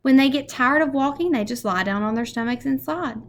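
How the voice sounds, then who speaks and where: A woman voicing a dreamy, excitable middle-aged man who talks eagerly. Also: high voice, brisk, slight background noise, voice pushed up, close to an everyday voice. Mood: enthusiastic. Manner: eager, enthusiastic.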